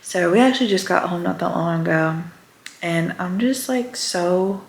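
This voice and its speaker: A woman's voice: on the low side, moderate pace, vocal fry. A woman vlogger talking casually and candidly to the camera, sometimes dropping to a near whisper. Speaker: lifestyle vlogger. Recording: echoey room.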